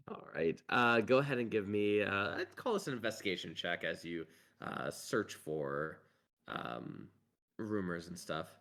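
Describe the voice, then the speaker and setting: A man running a tabletop game as game master, talking in a halting way full of filler words. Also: low-pitched, animated, fairly bright tone.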